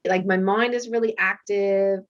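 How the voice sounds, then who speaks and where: A middle-aged woman, a doctor and author, chatting as an interview guest and telling lively stories. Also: mid-range voice, normal speed. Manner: lively storyteller who acts out quoted voices and laughs often. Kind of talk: casual interview chat. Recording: dull lo-fi recording.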